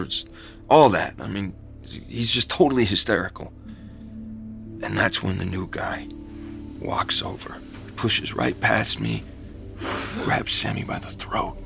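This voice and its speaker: A rough fisherman in an audio drama, with a low, gravelly voice. He talks in a slangy, agitated way. Music plays under the scene. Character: rough fisherman witness recounting a massacre.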